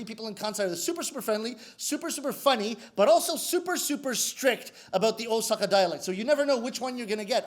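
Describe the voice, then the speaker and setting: Canadian man, 40s, Canadian English accent, high-pitched, chatty self-mocking comic storytelling. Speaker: rakugo comedian.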